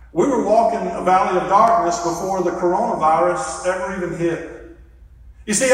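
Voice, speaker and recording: A male pastor delivers a sermon in an earnest, reflective way, leading his listeners step by step. His voice sits fairly high for a man. It is picked up from well back in a large church hall, with a heavy, long-ringing echo. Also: a bit bright. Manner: earnest, reflective, leads the audience through a hand gesture exercise. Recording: echoey hall from far off.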